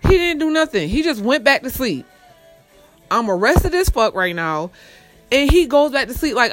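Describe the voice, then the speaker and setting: Young woman, storytime rant, blunt and profane, loud bursts between low grumbles. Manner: blunt, heavy swearing, swings from low mutters to loud outbursts. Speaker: storyteller vlogger.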